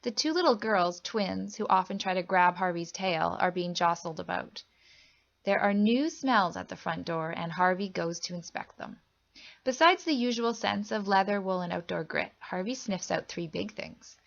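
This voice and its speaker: A woman reading a children's picture book aloud, telling it gently and expressively. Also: normal speed, gravelly, dull audio. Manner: gentle, expressive storytelling that lifts pitch for characters' lines. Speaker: storybook reader.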